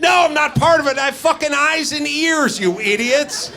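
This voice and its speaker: A man's voice: very high-pitched, moderate pace, creaky, pushed and bright. A middle-aged man hosting a live comedy show, ranting sarcastically and swearing on a club stage. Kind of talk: live stand-up rant. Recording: live club recording, crowd faint.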